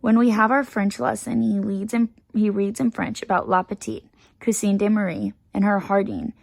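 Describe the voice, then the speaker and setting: A woman reads a children's storybook aloud with a heavily gravelly, fry-laden voice. She tells it lively in the first person, like a chatty, bossy little girl. The sound is close and dry, with no room around it. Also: mid-range voice, normal speed, no echo, rough recording. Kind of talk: reading a picture book aloud.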